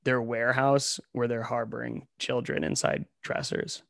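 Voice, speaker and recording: A man's voice: medium pitch, flat delivery, moderate pace, gravelly, a bit bright, no room sound, clean studio sound. A young man from Ohio co-hosting a comedy podcast in a casual chat, full of sarcastic, ironic riffs. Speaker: podcast co-host.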